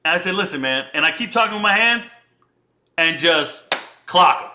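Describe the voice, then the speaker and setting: Brief: man, thirties, high bright voice, slangy animated commentator. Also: normal speed, a little hiss or hum. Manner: animated, slangy, conversational storyteller. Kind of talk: casual commentary and storytelling.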